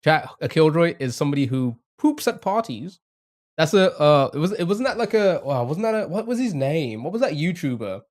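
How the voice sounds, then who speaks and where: A man's voice: a little high, very animated, a little fast. A young man streaming a game live, thinking aloud, chatting to viewers and laughing often. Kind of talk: casual live-stream commentary.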